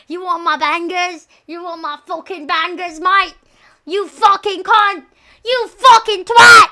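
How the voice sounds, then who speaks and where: A woman's voice: very high voice, steady tone, unhurried, bright, forceful tone, pitched above the performer's own voice, full character voice. A woman putting on the voice of a rowdy young British lad who picks fights and curses. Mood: shouting. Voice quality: brash, cursing, mock-threatening. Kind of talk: put-on voice on a live stream.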